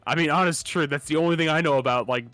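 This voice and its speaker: A man's voice: fairly high pitch, quick pace, no echo, faint music behind. A man co-hosting a live stream in casual chat, rambling and laughing often. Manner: rambling, animated, laughs often, restarts words. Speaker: streamer co-host.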